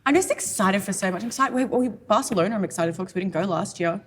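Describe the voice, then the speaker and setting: A woman's voice: medium pitch, lively intonation, quick pace, a little hiss or hum. A woman with an Australian accent, co-hosting a podcast in casual chat, bubbly and rambling. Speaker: podcast co-host, photographer.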